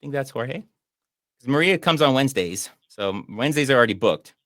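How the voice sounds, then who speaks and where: A man's voice: mid-range voice, lively intonation, normal speed, a bit bright, dry recording, clean studio sound. A man hosting a casual movie review show, making sarcastic, mocking comments about a film. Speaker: podcast host and movie reviewer.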